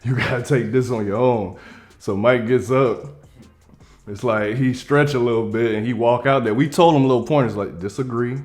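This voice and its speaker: Young guy telling a funny story, does all the voices, mid-pitched, casual. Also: moderate pace, faint music behind. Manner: animated, acts out quoted lines in different voices. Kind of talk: comedic storytelling.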